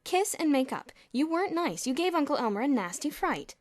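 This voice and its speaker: A cocky prankster schoolboy gives orders in a stern, bossy way, as a woman reader plays him. His voice sits higher than her narration with lively swings. The recording is close and dry. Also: a little fast, no room sound.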